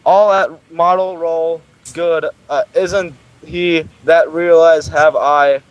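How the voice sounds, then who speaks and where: Young man reading haltingly, word by word. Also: a little high, steady tone, clear, resonant tone, rough recording. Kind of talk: mock reading of a bio on a livestream. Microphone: computer mic on a home stream.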